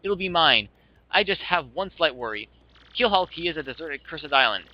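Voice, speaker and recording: A man's voice: on the high side, expressive, normal speed, no room sound, pitched above the performer's own voice, close to an everyday voice. A man voicing a hopeful male shopkeeper who talks earnestly and chattily. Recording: dull lo-fi with music.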